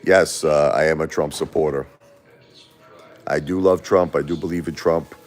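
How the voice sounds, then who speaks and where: A man's voice: very deep voice, steady tone, normal speed, soft background music. A man, chatting casually and rambling on a livestream, laughing often. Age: 40s. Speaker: livestream host.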